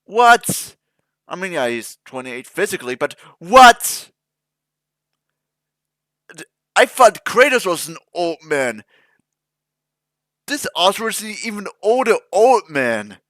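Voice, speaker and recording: Very animated and high-pitched, this reaction video host talks at normal speed in a slightly bright voice, with no room sound. His casual chatter is full of jokes and rambling asides that drift into mock-emotional mumbling.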